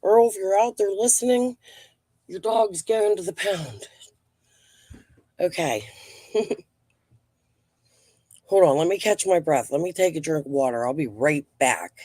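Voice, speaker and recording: A woman's voice: on the low side, lively intonation, measured pace, long pauses, mellow, no room sound. A woman hosting a live stream from her home, chatting casually in a rambling, blunt and profane way.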